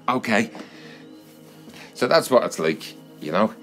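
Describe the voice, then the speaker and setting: A man's voice: lowish voice, lively intonation, unhurried, a bit bright, soft background music. An Irish man vlogging to his subscribers in a rambling, repetitive monologue. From Ireland.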